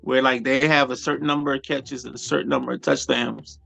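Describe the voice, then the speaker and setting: A man's voice: medium pitch, level tone, fairly quick, creaky, a bit bright, rough recording. A man co-hosting a sports talk show, arguing heatedly and cutting in with "hold on.". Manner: interrupts, repeats "hold on".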